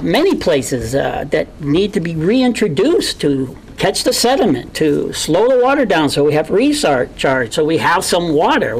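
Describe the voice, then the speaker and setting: A woman with an Idaho accent giving an earnest, impassioned candidate forum speech, halting at times with many fillers. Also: low-pitched, creaky, slight background noise, rough recording.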